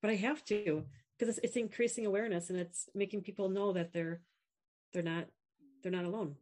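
A young woman with a mid-range voice speaks a little fast, frankly sharing stories as an app founder and guest in a casual interview. She animates her anecdotes by quoting others in their voices.

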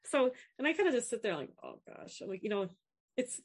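A woman's voice: a little high, fast. A young woman talking frankly in a casual interview, telling stories and acting out what others said. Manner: frank, animated storyteller, quotes others in voices. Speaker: app founder and guest. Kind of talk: candid casual interview talk.

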